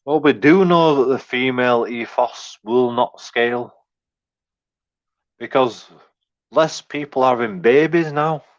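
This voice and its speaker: English male commentator, profane and meandering, stumbling repeats, slightly muffled recording. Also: medium pitch. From England. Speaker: YouTube commentator. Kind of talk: casual rant.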